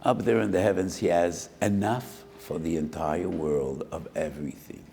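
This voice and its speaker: A man's voice: low voice, steady tone, moderate pace, vocal fry, mellow, a little hiss or hum. An older man, a rabbi, giving a sermon, telling a parable with Hebrew phrases and acting out both sides of a dialogue. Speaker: rabbi giving a Torah lecture. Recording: roomy hall with long reverb.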